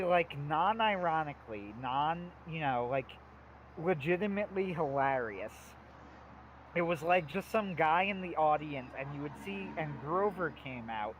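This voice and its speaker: A man's voice: on the high side, a little hiss or hum, poor audio. A man co-hosting a livestream in casual chat, telling stories animatedly with many fillers. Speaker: livestream co-host.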